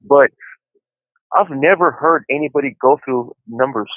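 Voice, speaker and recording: A man's voice: mid-range voice, measured pace, no echo. A man calling in from prison on a phone line, chatting casually and joking, often laughing and rambling. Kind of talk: casual chat over a phone call.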